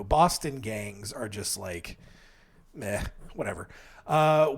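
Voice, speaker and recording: Sarcastic rambling male podcast host. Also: a little high. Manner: sarcastic, rambling, jokey asides. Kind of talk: casual true-crime monologue.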